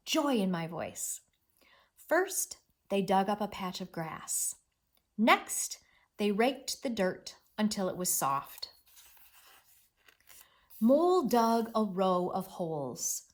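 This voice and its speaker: A woman teacher giving an expressive, encouraging read-aloud reading lesson with lots of emphasis. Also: medium pitch.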